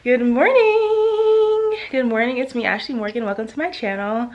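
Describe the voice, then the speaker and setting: A woman's voice: a little high, fast, muffled recording, soft background music. Chatty young woman vlogging. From Jamaican family. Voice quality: chatty, lots of fillers and asides. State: a little out of breath. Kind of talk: casual chat to camera.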